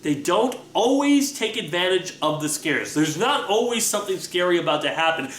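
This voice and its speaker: A young man telling stories in a casual chat, animated and full of restarts. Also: normal speed. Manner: animated storytelling, excited rising pitch, many restarts. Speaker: vlogger answering viewer questions. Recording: echoey room with faint ambience.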